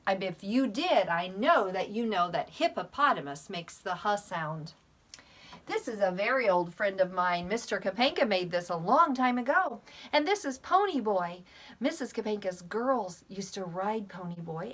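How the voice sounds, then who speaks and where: An older woman teaching a children's lesson, sounding out letters slowly and animatedly for small children. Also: mid-range voice, animated. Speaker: preschool teacher.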